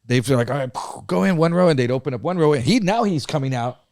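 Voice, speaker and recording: A man co-hosting a podcast, telling a story in a casual, profane and animated way. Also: fairly high pitch, fast talker, dry recording, studio quality. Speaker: podcast co-host.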